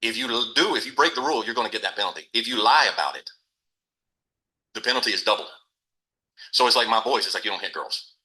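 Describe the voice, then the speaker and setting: A man's voice: lowish voice, expressive, quick pace, pauses often, pushed and bright, rough recording. A middle-aged man, a podcast guest, telling a folksy, matter-of-fact story about raising his kids. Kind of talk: casual storytelling.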